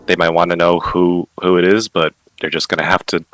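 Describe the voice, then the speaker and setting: A man playing a character in a tabletop role-playing game, speaking calmly and in a low-key way. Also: a little fast, no echo, rough recording. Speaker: player.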